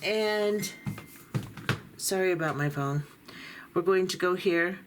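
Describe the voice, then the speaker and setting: A woman's voice: fairly low pitch, takes it slowly, background noise. A middle-aged or older woman giving patient, step-by-step beading instructions while she works with her hands. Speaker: beading tutorial host.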